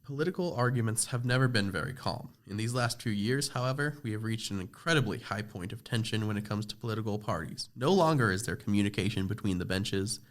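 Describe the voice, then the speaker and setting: A man's voice: fairly low pitch, animated, fast, few pauses. A teenage boy narrating a scripted school project podcast, reading steadily with small slips and restarts. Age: teens. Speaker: student presenter.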